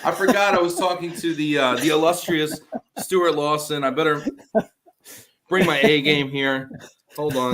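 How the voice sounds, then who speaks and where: A man hosting a live interview webcast, with an energetic, teasing, jokey way of talking. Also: fairly high pitch, moderate pace, crowd noise. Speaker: host.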